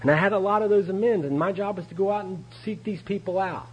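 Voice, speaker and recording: A man's voice: sits high, fast, darkish tone, a little hiss or hum, low-quality recording. A man speaking at a recovery meeting, giving a candid personal testimony, storytelling and chuckling often.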